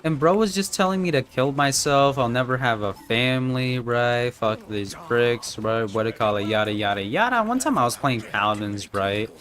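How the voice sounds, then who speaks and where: A man's voice: mid-range voice, expressive, brisk, hardly any pauses, a bit bright. A young man chatting casually while streaming a game at home, rambling and swearing, with many tag questions. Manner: rambling, profane, full of "right?" and "you know".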